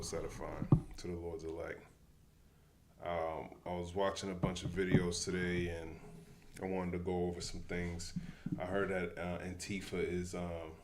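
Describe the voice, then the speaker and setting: Deep-voiced man doing casual commentary. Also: heavy background noise. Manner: loose, profane, calls everyone "man". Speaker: livestream host.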